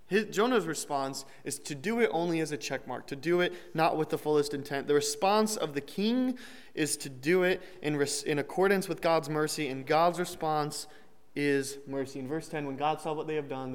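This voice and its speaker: Young man, sermon, casual and joking, fairly high voice, long reverb of a large hall. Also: clean tone. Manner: conversational, with restarts and light humor. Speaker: preacher.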